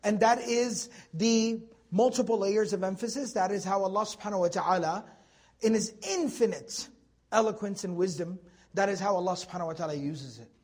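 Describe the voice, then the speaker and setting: A man teaching a Quran commentary lesson to a class, animated and joking with his students, repeating words for emphasis. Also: sits high, a little fast.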